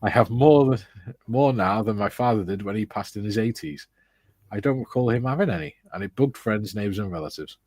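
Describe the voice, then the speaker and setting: A middle-aged man co-hosting a relaxed hobby livestream, reading viewers' comments and adding dry teasing remarks. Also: fairly low pitch, a little fast, no echo. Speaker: co-host of a model-building livestream. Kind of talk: casual chat reading out live comments.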